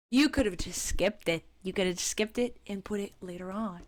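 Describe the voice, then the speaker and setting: A woman's voice: mid-range voice, moderate pace, few pauses, no echo, studio quality. A woman giving sarcastic, exasperated commentary while reviewing a webcomic, with frequent swearing. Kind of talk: casual commentary reading.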